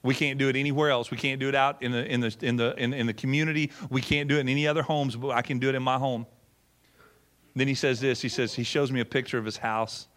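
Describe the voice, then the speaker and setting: A middle-aged pastor and former missionary tells a story in his sermon in a folksy way, acting out quotes and often repeating words. His mid-range voice is fast and fairly bright, with fairly even intonation.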